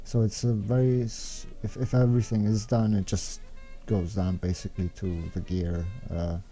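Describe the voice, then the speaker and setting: A man's voice: fairly low pitch, little pitch movement, normal speed, warm tone, soft background music. A young man giving unscripted, meandering strategy commentary over gameplay footage, thinking aloud as he explains. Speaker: game strategy guide maker.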